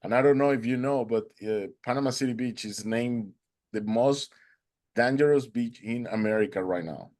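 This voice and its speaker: A man with a medium-pitched, slightly mellow voice, whose first language is Spanish, earnestly tells a personal story as an interview guest at a moderate pace. His English phrasing is non-native, and he acts out quoted dialogue in a raised voice.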